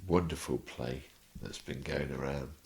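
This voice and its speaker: Deep-voiced, chuckling male storyteller. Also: unhurried, creaky, darkish tone. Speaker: guest. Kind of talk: anecdotal storytelling in a podcast interview.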